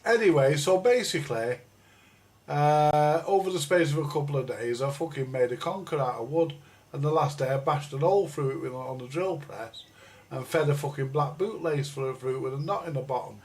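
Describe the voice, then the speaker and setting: At a normal speed, this man speaks with a fairly high pitch and a darkish tone. Hosting a live chat, he spins out a lengthy, profane story about school, looping back and wandering into tangents.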